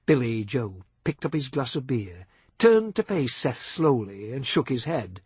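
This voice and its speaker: A man reading a novel aloud as audiobook narrator, measured and expressive, on a close studio mic. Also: medium pitch, slightly rough, dry recording.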